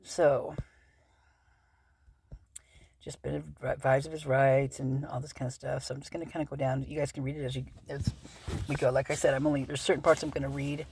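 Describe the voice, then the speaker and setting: A woman's voice: extremely low pitch, flat delivery, fairly quick, vocal fry, pauses often, darkish tone, husky. A woman hosting a true-crime channel, reading through a legal document aloud in a casual, rambling way with many fillers and self-corrections.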